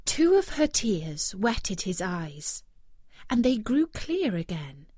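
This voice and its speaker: A woman reading a fairy tale aloud in an expressive, storytelling way. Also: mid-range voice, slow pace, husky, no echo, studio quality.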